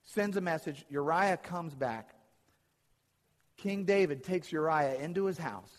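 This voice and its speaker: Preacher, male, slightly high voice, tells scripture stories and voices the quotes; reverberant hall. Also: unhurried. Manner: retells Bible stories, acting out the quotes. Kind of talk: sermon.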